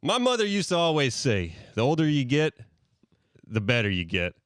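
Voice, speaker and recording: A homespun old man stuck by the roadside , played by a podcast host. He talks in folksy sayings and keeps a friendly tone. The sound is smooth and dry. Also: mid-range voice, huge pitch swings, moderate pace, a bit bright, no echo. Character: stranded older man, homespun joker.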